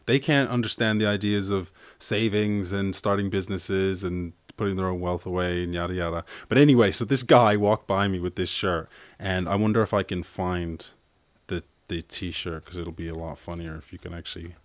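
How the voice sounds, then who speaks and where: Irish guy hosting a podcast, kinda low voice, rambly and animated, dry close sound. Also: moderate pace, dry recording. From Ireland. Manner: rambling, animated storytelling with swearing and laughs. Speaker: podcast host. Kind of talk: casual monologue.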